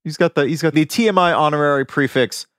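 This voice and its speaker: A man co-hosting a podcast, sharing film trivia in an enthusiastic, animated way and laughing often. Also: a little high, fast talker, clean tone, no echo, studio quality. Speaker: podcast co-host. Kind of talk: casual film-trivia chat.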